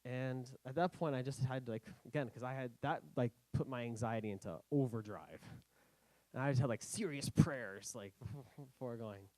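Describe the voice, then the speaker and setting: A young man giving a casual personal talk, halting and self-correcting with many fillers, acting out his past worries. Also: mid-range voice, dry recording, poor audio. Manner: animated, acting out his own past thoughts. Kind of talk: casual storytelling speech.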